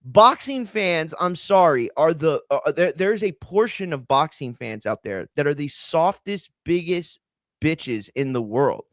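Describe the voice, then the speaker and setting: A man's voice: on the high side, lively intonation, a little slow, a bit bright, no echo. A man hosting a combat sports show, ranting in a heated, profane, rambling way with lots of fillers. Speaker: combat sports podcast host. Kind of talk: casual opinion rant.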